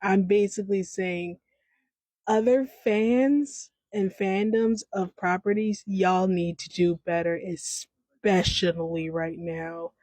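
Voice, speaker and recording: A woman's voice: medium pitch, steady tone, takes it slowly, a little mellow, no room sound, poor audio. A woman in her thirties hosting a podcast, talking off the cuff in a rambling, stream-of-consciousness way with many restarts, on a home microphone. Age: 30s. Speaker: podcast host. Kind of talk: unscripted casual commentary.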